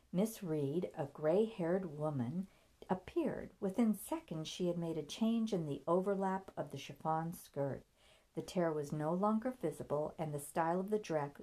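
A woman narrating a novel aloud in a steady, measured storytelling voice. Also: lowish voice. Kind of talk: audiobook reading.

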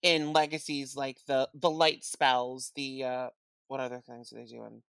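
A woman co-host chats casually, stumbling through her thoughts with plenty of fillers and quick jokes. Her voice is very low for a woman. The recording is dry and close. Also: flat delivery, vocal fry, no echo. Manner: halting, filler-heavy, joking. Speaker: podcast co-host. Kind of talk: casual chat.

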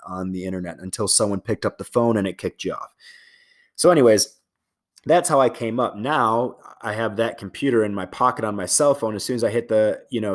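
Low-voiced, loose-talking, profane male host. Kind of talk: casual monologue.

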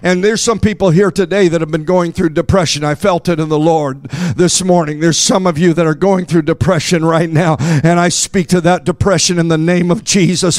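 Preacher, male, high gravelly voice, close dry sound, climbs to shouting, "uh" fillers. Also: steady tone, no echo. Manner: rises to shouting, with jokes and asides to the congregation; fills pauses with "uh". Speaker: pastor. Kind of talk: preaching a sermon.

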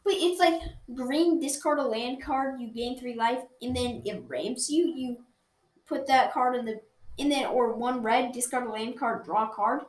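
A woman with a high voice chats about cards, eager and quick to argue for her favorites. She rambles and restarts mid-thought. The sound carries a roomy echo. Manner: enthusiastic, argumentative, rambling with restarts. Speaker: card game reviewer. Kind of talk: casual chat. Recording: roomy echoey room.

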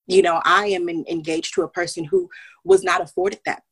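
Earnest husky-voiced woman. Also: mid-range voice, big pitch swings, fairly quick, fairly bright tone. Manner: earnest, reflective, open. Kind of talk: candid casual conversation.

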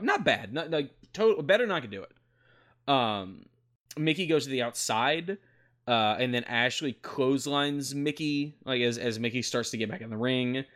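A man with a bright, forward tone talks through events in a loose podcast chat. He keeps going with plenty of "uh" and "like" and swears freely. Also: medium pitch. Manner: recaps at length with many fillers, swears freely. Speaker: podcast host recapping wrestling. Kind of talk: casual chat.

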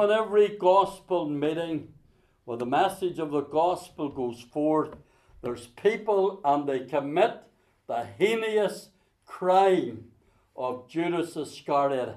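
A man preaching a sermon, booming out scripture, then dropping to a hush to tell a story. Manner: swings between loud emphatic scripture quoting and soft hushed storytelling.

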